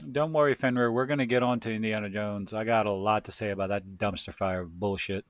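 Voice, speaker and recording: A man's voice: fairly low pitch, steady tone, brisk, no room sound. Man, casual podcast chat, crude rants, dry close mic. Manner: crude, ranting, laughs easily. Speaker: podcast co-host.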